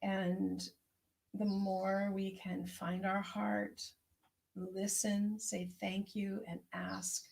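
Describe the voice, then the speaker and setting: A woman herbalist hosting an online tea circle, speaking in a gentle, unhurried, prayerful way as she reflects and reads out messages. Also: mid-range voice, monotone, gravelly. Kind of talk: reflective spoken meditation and chat reading.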